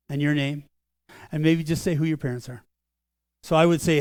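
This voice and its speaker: An older man preaching a sermon as pastor, earnest and conversational, slowing down for solemn lines. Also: fairly high pitch, steady tone, darkish tone, clear, resonant tone, dry recording, clean studio sound. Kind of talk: sermon storytelling. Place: church sanctuary.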